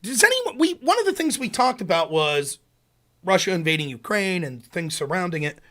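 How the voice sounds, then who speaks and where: A man's voice: sits high, big pitch swings, normal speed, sharp tone. A man streaming political commentary, heated and sarcastic, putting questions to his audience. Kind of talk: casual ranting commentary.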